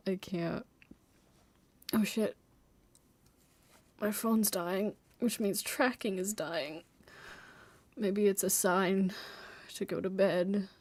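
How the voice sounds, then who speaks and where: A woman's voice: mid-range voice, a little mellow, no echo. A young woman chatting casually on a live stream from home, rambling, giggling and mocking herself, sometimes dropping to a whisper.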